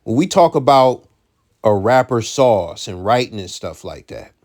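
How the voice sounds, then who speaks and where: A man's voice: mid-range voice, lively intonation, measured pace, darkish tone. A man giving casual commentary, blunt and profane, who repeats his key points for emphasis.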